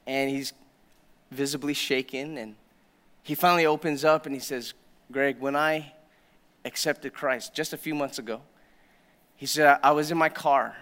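A male pastor preaching a sermon in a church, telling a story and swinging between hushed, low passages and loud, emphatic proclamation. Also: steady tone, normal speed, pauses often. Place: church sanctuary.

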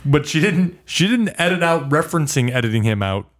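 A man's voice: a little high, sing-song, fairly quick. A man co-hosting a casual podcast, wry and teasing, with mock exasperation. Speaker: podcast co-host.

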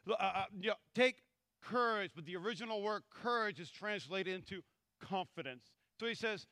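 A male pastor delivers an animated sermon and slips into the voices of the people in the stories he reads. His voice sits high and sounds bright and forceful. The recording is close and dry. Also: fairly quick, dry recording. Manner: animated, acts out scripture voices.

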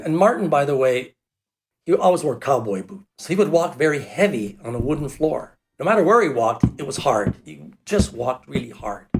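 A man telling a personal story in a loose, casual way, with lots of fillers, who acts out the people he quotes. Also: medium pitch. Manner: animated, acts out the quoted voices; loose and rambling, with fillers like "you know".

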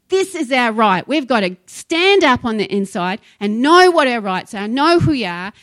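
A woman's voice: on the high side, fairly bright tone, dry recording. A woman pastor preaching a sermon, emphatic and impassioned, telling stories to her congregation.

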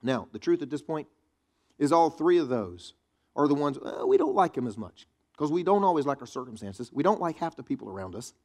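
A pastor preaching a sermon in a chatty, joking way, teasing the congregation. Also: male voice, mid-range voice, lively intonation, brisk, darkish tone. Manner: conversational preaching with quips to the congregation.

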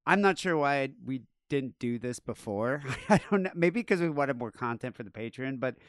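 A man's voice: medium pitch, animated, normal speed, fairly bright tone, clean tone, dry recording, clean studio sound. A man hosting a podcast in casual chat, with crude jokes and an offhand way of talking. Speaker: podcast host.

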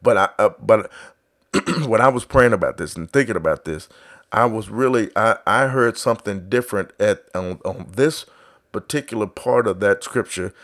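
A man preaches a sermon at a moderate pace, beginning low and quiet. He builds to loud exhortation with repeated refrains and acts out biblical voices.

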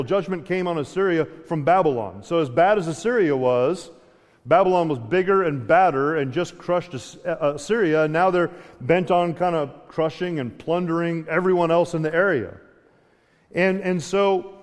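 A man's voice: fairly high pitch, in a large hall. A man preaching a sermon in a conversational way, restarting phrases often and acting out dialogue. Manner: conversational, with frequent restarts and dramatic paraphrase. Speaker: pastor.

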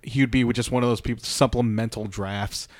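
A man co-hosting a casual podcast, recapping a show in an animated, rambling way and swearing freely. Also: medium pitch, brisk, no room sound. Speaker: podcast co-host.

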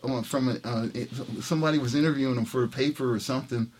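A man who plays trumpet, telling a story in a relaxed interview, talking in animated bursts with many restarts and acted-out quotes. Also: medium pitch, fast. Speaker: guest musician, trumpet player. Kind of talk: storytelling in a conversation.

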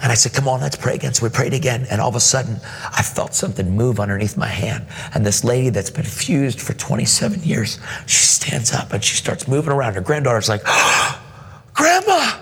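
A man preaching in a church, telling a story with lively acted-out voices and casual words like dude and man. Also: mid-range voice, brisk, breathy edge. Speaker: guest preacher. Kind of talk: sermon storytelling. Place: church hall. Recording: reverberant church hall with music.

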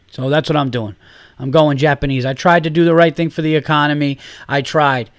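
Profane ranting podcast host. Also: male voice, fairly quick, no echo, studio quality. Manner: animated, profane ranting, swings loud and high when worked up. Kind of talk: solo podcast rant.

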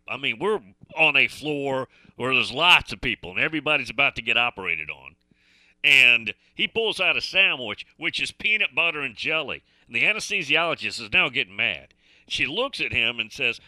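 A middle-aged man hosting a radio talk show tells a folksy story in a chatty style, repeating and restarting phrases as he goes. His medium-pitched voice sounds pushed and bright, with no room sound at all.

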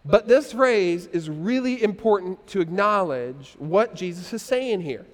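Pastor, male, high voice, animated sermon with call-and-response, church hall with long reverb. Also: a little slow. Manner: lively, leads the congregation in call-and-response.

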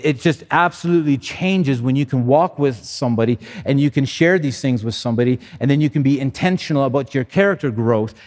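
A pastor delivers a sermon in a reverberant church sanctuary, his voice medium in pitch and a little mellow. His preaching is earnest and conversational, with repeated restarts.

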